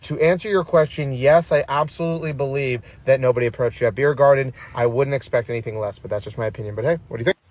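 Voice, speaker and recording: A man's voice: mid-range voice, fast, few pauses, muffled recording. A man giving sarcastic reaction commentary, reading out comments and mocking them. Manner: sarcastic, reads comments aloud.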